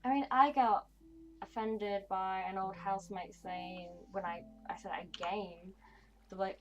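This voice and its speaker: A woman's voice: medium pitch, unhurried, lo-fi sound, soft background music. A woman, chatting casually and bluntly on a gaming livestream. She swears freely and mutters to herself as she plays. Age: 20s. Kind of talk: casual livestream chat while playing.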